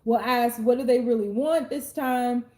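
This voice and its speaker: Woman, 30s, tarot reader, conversational with fillers, warm mellow tone, echoey room. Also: on the high side, normal speed. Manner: conversational, with frequent fillers and restarts. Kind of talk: intuitive tarot reading to the viewer. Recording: roomy echo.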